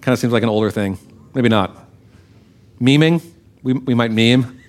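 A male preacher giving a sermon-style Bible teaching. His voice sits at an ordinary middle pitch. He keeps it conversational and often turns to ask his listeners questions. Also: normal speed.

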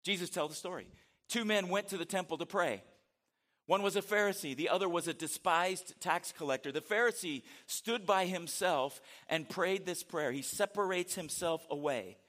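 Here a man with a high, fairly bright voice delivers a sermon at normal speed. Speaking conversationally as pastor, he throws rhetorical questions at the congregation and reads scripture with dramatic inflection.

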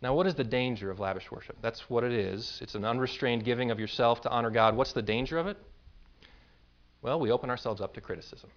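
A male pastor preaches a sermon in a mid-range voice, talking fast on dull audio. He's emphatic and self-deprecating, stacking up words and lists until they build to a peak.

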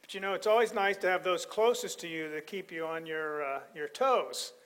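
A man with a slightly raised pitch speaks in a relaxed, conversational way. He leans on "you know" as he tells a personal anecdote to his audience. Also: normal speed. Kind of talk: casual spoken anecdote.

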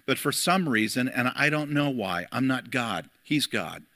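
A middle-aged pastor preaches to his congregation, unhurried and storytelling, with frequent "uh"s between phrases. His voice is bright and ringing, and the sound is close and dry, with no echo. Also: medium pitch, lively intonation. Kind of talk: sermon. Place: church.

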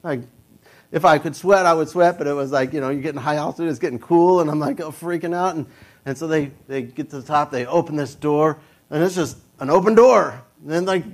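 Young adult male storyteller, casual and animated, slightly high voice, jumps into a panicky squeak for quoted thoughts. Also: a little fast.

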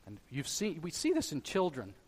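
A male pastor delivers a sermon in a slightly high voice. He pushes loudly on his main points, then drops low and soft. The long reverb of a large hall trails behind every phrase. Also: huge pitch swings, normal speed, breathy edge. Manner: emphatic preaching, swinging between loud stresses and quiet drops.

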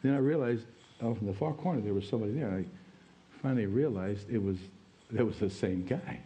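A pastor preaching a sermon, telling a personal story in an earnest, plain way. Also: male voice, fairly low pitch, fairly quick, dark tone, lo-fi sound.

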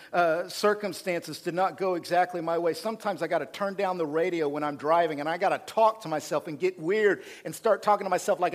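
Man preaching with big dynamic swings. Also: a little high. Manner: dynamic preaching, swings from loud emphasis to quiet. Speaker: pastor. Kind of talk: sermon.

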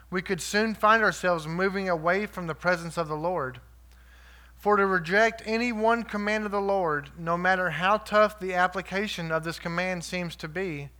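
A man delivering a sermon in a high, bright voice. He is earnest but conversational, and he checks in with his listeners through quick rhetorical asides. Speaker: lay preacher.

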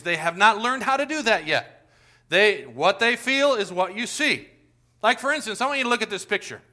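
A man preaching a sermon as pastor, talking straight to the congregation and telling lively stories. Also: high-pitched.

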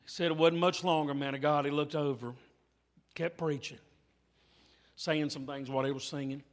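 A man's voice: a little high, fairly even intonation, moderate pace, big-room sound. A man preaching a revival sermon in church, telling a story emphatically and repeating his phrases. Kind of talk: revival sermon with altar call. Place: church sanctuary.

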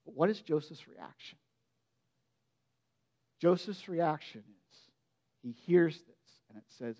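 A man giving a sermon as pastor, preaching in an expressive, conversational way and often asking his listeners direct questions. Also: fairly high pitch, slow, long pauses.

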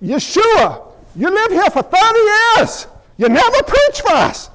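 A preacher putting on a mock Irish accent to play a crowd of scoffing townsmen. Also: male voice, extremely high pitch, huge pitch swings, a little slow, fairly bright tone, slight background noise, voice pushed up, exaggerated voice, rough recording. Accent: put-on Irish. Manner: exaggerated, teasing. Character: mocking crowd of men with stage-Irish accents.

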